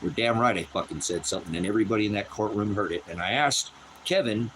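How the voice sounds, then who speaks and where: Man ranting outdoors about court stuff, swears a lot, repeats himself, voice jumps way up high when he gets worked up, faint car and outdoor noise behind. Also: fast, fairly bright tone, poor audio. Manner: agitated, repetitive, profane, rising to a high strained pitch when upset. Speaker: host of a personal channel. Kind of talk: unscripted personal rant. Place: rural property outdoors.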